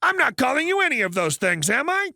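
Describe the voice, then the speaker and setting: A man putting on a shrill, furious entitled customer woman. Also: very animated, a little fast, creaky, bright, forceful tone, dry recording, exaggerated voice. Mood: spiteful. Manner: screeching, indignant outbursts.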